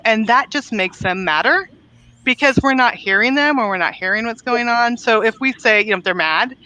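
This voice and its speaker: Bright-voiced woman guest author. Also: fairly high pitch, normal speed, rough recording. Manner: earnest, explanatory, laughs easily. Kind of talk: conversational interview.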